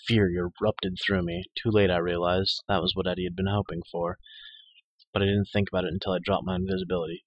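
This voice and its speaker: A man narrating a dark urban fantasy audiobook in the first person, with dramatic, measured storytelling. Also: low-pitched, little pitch movement, dry recording, highs cut off.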